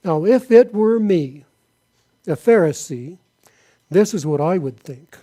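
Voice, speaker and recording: Man, pastor, sermon, high voice, mellow tone, reads scripture aloud. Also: expressive, takes it slowly, pauses often. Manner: reads Bible passages aloud, then asks the congregation questions.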